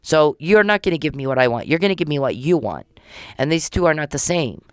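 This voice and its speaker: A woman's voice: low-pitched, very animated, fairly quick, clean tone, dry recording. A woman from Texas hosting a solo podcast, talking in an agitated, repetitive rant. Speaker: podcast host.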